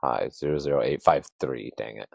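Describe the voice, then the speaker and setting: A man's voice: a bass voice, fairly quick, creaky, no room sound. A man talking trading charts in a loose, rambling casual chat. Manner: rambling, loose, uses hunting analogies. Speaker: trader.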